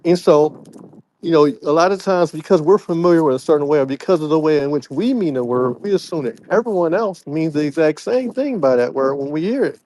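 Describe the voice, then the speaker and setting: A man's voice: fairly high pitch, animated, a little fast, darkish tone, a little hiss or hum. A man co-hosting a casual podcast, filling his speech with "like" and "you know" and laughing easily as he talks. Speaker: podcast co-host. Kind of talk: casual conversational podcast chat.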